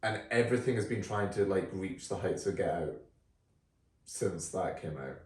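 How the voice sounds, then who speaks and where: A man co-hosting a podcast, reviewing films in a relaxed, chatty way with frequent fillers. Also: deep voice, normal speed. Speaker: podcast co-host. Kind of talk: casual film review chat. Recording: roomy, distant from the mic.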